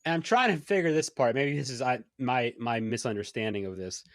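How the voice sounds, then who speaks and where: A man co-hosting a podcast, casually discussing a film with halting restarts and enthusiastic asides. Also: mid-range voice, no room sound, clean studio sound. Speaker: podcast co-host.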